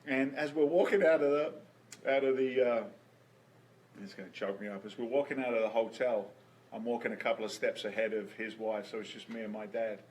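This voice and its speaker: Man, mid-pitched, chatty guest spinning personal stories with many restarts. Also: fairly even intonation, fairly quick, darkish tone, low-quality recording. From England. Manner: storytelling, repeats words as he restarts. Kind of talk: casual interview chat.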